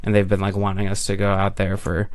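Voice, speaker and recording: A man's voice: lowish voice, completely flat delivery, fast. Easygoing man, a comedian guest. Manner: easygoing, self-deprecating, laughs along. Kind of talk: casual interview chat.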